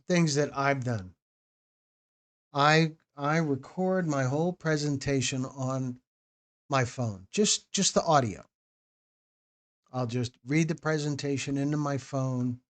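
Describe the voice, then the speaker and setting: Casual man chatting on a live stream. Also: medium pitch. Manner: talks to chat viewers by name, repeats and restarts phrases. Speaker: documentary host answering live chat.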